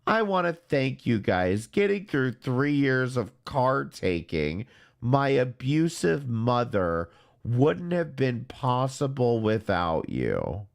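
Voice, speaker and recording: A man hosting a commentary show, talking in a sarcastic, deadpan way. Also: mid-range voice, slow pace, vocal fry. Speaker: commentary channel host. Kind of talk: casual mocking commentary.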